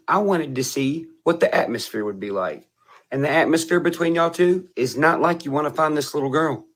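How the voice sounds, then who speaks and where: A man in his thirties on a livestream, speaking in an aggressive, confrontational, profane way. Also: on the high side. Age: 30s. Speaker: livestream guest.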